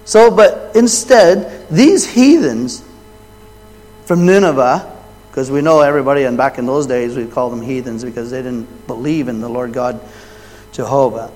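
A man preaching a sermon and retelling a Bible story. He swings between loud, raised quoted lines and quiet, low asides. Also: normal speed. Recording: long hall reverb.

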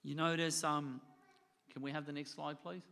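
A man's voice: a little high, little pitch movement, normal speed, creaky, sharp tone. A man preaching a sermon to his church. He talks earnestly, repeats phrases and asks the congregation rhetorical questions. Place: church hall. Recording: long hall reverb.

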